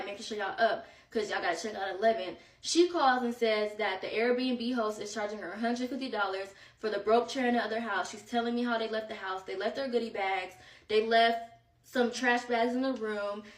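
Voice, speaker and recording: A young woman telling a story in a casual storytime vlog, animated and exasperated as she recounts it. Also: medium pitch. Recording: echoey room, far from the mic.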